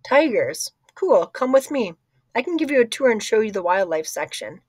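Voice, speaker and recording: A woman's voice: a little high, very animated, normal speed, a little mellow, slightly rough. A woman reading as a cheerful teenage girl in an audiobook, chatty and upbeat. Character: cheerful teenage girl library helper, quick to laugh. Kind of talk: audiobook character voice.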